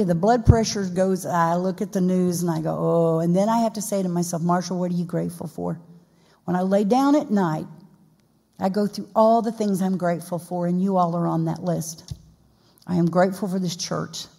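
A woman's voice: mid-range voice, vocal fry, dark tone. A woman pastor preaching a sermon in a folksy, conversational way with playful asides. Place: church sanctuary. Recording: long reverb in a church hall.

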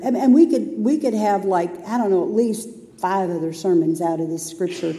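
A woman's voice: medium pitch, warm tone. A woman pastor preaching a sermon in a church, chatty and playful as she tells stories. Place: church sanctuary. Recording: long hall reverb.

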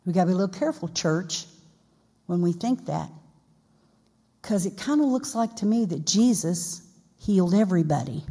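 A woman's voice: lowish voice, animated, moderate pace, long pauses, warm tone, slightly rough. Folksy woman pastor preaching. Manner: folksy, conversational, playful asides. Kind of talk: sermon. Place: church sanctuary. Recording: long reverb in a church hall.

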